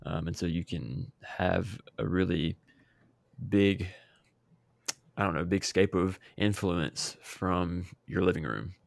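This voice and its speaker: A man co-hosting a podcast who speaks thoughtfully in casual chat, pausing with fillers. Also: sits low, vocal fry, dry recording. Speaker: podcast co-host.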